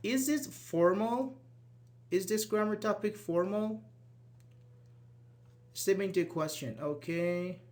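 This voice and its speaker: A man's voice: high voice, takes it slowly, pauses often. A man whose first language is Persian, teaching a live online grammar class and explaining step by step while checking in with students. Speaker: English teacher.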